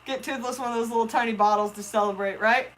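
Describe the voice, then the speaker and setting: Excitable woman hosting a live stream. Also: a little high, quick pace, a little hiss or hum, poor audio. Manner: excitable, chatty, talks to her fish and viewers. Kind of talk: live stream chat with viewers.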